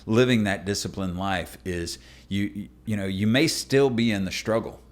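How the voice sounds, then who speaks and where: A man, a pastor and podcast guest, telling a personal story in an earnest, emphatic way. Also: moderate pace. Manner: acts out other people with jumps to high squeaky voices.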